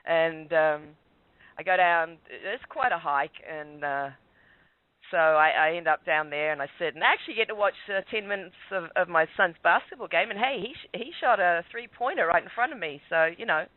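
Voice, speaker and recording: A man's voice: a little high, moderate pace, dry recording. A man calling in and telling a rambling, self-mocking story, chuckling along the way. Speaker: guest caller. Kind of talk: casual storytelling. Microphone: phone. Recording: tinny dry phone line.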